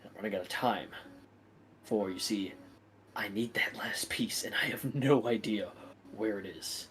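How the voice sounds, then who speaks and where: A man doing a hushed groveling villain. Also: on the low side, unhurried, a little hiss or hum, voice pushed down, low-quality recording. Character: scheming male villain, servile to his master.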